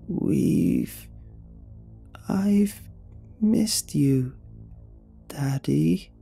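A man's voice: on the high side, lively intonation, extremely slow, gravelly, warm tone, husky, faint music behind, pitched above the performer's own voice, full character voice. A man voicing a creepy entity that mimics a little girl, speaking in an eerily sweet, pleading sing-song.

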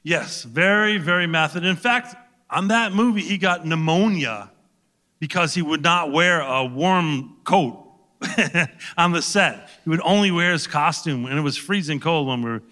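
A man, an actor guest, telling an animated anecdote on a talk show, laughing and swearing now and then. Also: a little high, normal speed, big-room sound.

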